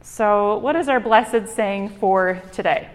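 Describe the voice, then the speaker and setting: A woman's voice: medium pitch, slow pace. A young woman with a Michigan accent, a hospital chaplain giving an informal, chatty sermon with frequent ums and a self-deprecating manner. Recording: long hall reverb.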